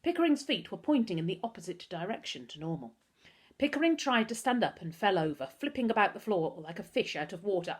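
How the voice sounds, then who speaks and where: A woman, a teacher, reading a children's book aloud with expressive storytelling. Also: medium pitch, fairly quick, slightly rough.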